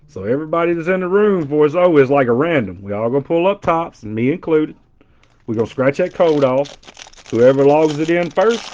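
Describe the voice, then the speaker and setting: A middle-aged man with a Southern twang, joking and bantering with his chat while opening a box of trading cards. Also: on the high side. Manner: joking, animated banter with chat, loud impressions. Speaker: card breaker. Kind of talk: casual live card-break chat. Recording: dull lo-fi stream audio.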